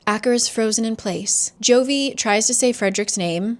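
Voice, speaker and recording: A woman talks through a book's plot in a loose, chatty way. She is dryly sarcastic and leans on fillers, slipping into quick mock voices whenever she quotes a character. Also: a little high. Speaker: book reviewer. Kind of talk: casual book recap.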